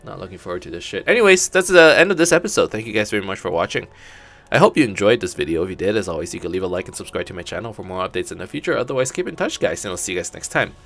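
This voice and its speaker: A man's voice: low voice, very animated, very fast, gravelly, fairly bright tone, soft background music. A man hosting a gaming channel, giving laid-back commentary as he plays, thinking aloud and swearing casually.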